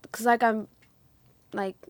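A woman who is a student in a music program, speaking candidly and haltingly with many fillers. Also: a little high, level tone, no room sound. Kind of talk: casual group conversation.

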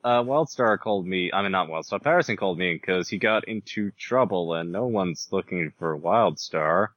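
A man's voice: low voice, normal speed, fairly bright tone, dry recording, dull audio. A man playing in a tabletop game, teasing the others and laughing at his own jokes. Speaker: player.

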